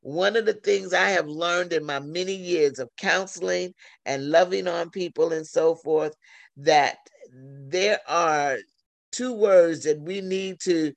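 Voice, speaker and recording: A man preaching a sermon over a phone line, slow and deliberate, repeating key phrases. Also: fairly high pitch, vocal fry, no room sound.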